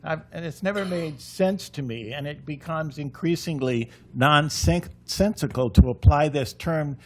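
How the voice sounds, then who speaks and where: A man, a lecturer on a panel, giving a conversational talk full of "uh" pauses. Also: fairly high pitch, slight background noise.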